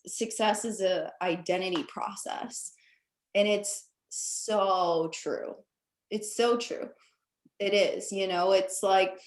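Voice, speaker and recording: Woman host, mid-pitched voice, rambling and animated, roomy video call sound. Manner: animated, rambling, many fillers. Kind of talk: casual chat on a video call.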